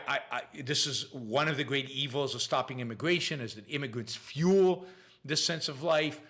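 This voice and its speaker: A man with a noticeable accent and a medium-pitched, slightly bright voice hosts a laid-back Q&A show. He reads out questions from viewers, then answers, repeatedly restarting and using fillers.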